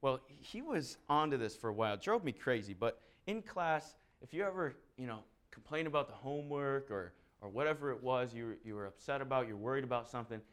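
A man giving a sermon, telling a humorous personal story in a chatty, animated way. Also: mid-range voice, brisk, few pauses, smooth. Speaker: preacher.

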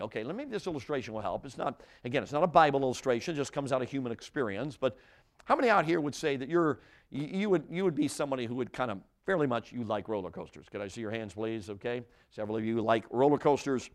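An older man preaches to a congregation in church, quick-paced with a medium-pitched voice. He's animated, shares a humorous story, often questions his listeners, and frequently restarts or wanders into asides.

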